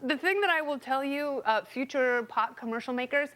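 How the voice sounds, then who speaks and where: High-voiced wisecracking woman host. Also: fairly bright tone. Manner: wisecracking, quick jokes. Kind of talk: TV panel show banter.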